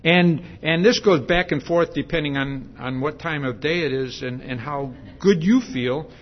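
A man's voice: a little high, unhurried, highs cut off. A man preaching a sermon in a conversational way, with many fillers and restarts, and asking the congregation questions.

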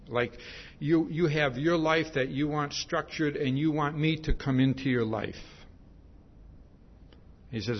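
A man preaching a sermon in a relaxed, conversational way, retelling a story with animated asides and frequent restarts. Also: mid-range voice, moderate pace. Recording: dull lo-fi recording.

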